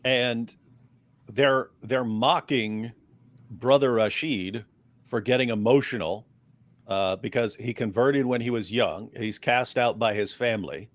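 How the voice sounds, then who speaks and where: A man talking through a topic in casual online commentary, thoughtful and measured with sarcastic edges. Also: medium pitch.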